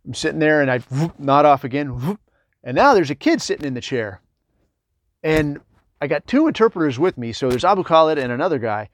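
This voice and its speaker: A man's voice: a little high, big pitch swings, brisk, no room sound. A middle-aged man, a military veteran, telling rambling, digressive stories in a casual, conversational way full of fillers. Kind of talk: casual anecdotal storytelling.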